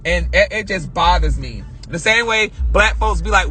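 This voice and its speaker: A man's voice: high-pitched, expressive, moderate pace, bright, forceful tone. A young man in a heated, emphatic rant to his viewers, swearing often and talking straight to them, recorded on a phone in a parked car. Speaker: vlogger. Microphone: phone camera.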